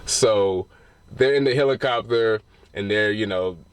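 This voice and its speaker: A man's voice: lowish voice, unhurried, smooth, no room sound. Man recapping a film, loose and profane. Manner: loose and profane, full of restarts. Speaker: movie reviewer. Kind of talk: casual spoiler recap.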